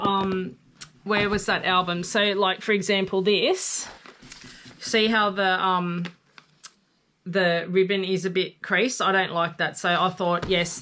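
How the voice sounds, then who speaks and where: A woman presenting a casual craft haul video, gushing and excitable as she shows off her finds. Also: medium pitch, a little hiss or hum. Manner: gushing, excitable, gasps and coos over paper. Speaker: craft vlogger.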